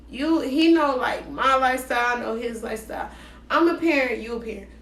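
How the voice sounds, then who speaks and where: A woman telling a dating story in a casual, slangy, animated way, acting out both sides of the conversations. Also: on the high side, distant mic, slight background noise. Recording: roomy echo, voice set back from the mic.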